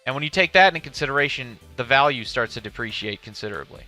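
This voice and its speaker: A man's voice: medium pitch, animated, quick pace, bright, forceful tone, faint music behind. A man streaming live, giving casual, profane commentary on a game showcase and reading chat questions aloud.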